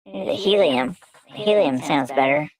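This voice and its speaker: A man's voice: fairly high pitch, expressive, unhurried, music in the background. A male stream host talking through a helium voice changer while fiddling with its settings. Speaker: livestream host. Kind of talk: casual stream chat.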